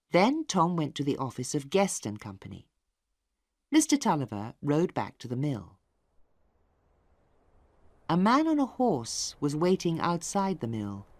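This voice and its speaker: A woman narrating a story in a slow, clearly spoken reading for English learners. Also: low voice, no room sound, studio quality.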